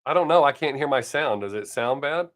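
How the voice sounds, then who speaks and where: A man's voice: mid-range voice, lively intonation, fairly quick. An older man, chatting casually on his live stream from home and telling stories bluntly, with plenty of swearing. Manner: profane, blunt storytelling.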